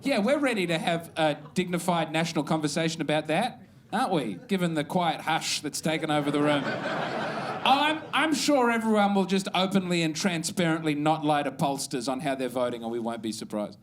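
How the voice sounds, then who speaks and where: High-voiced Australian man doing stand-up. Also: expressive, a little fast. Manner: wry, meandering, self-mocking delivery. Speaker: stand-up comedian. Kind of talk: stand-up set. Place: comedy club stage.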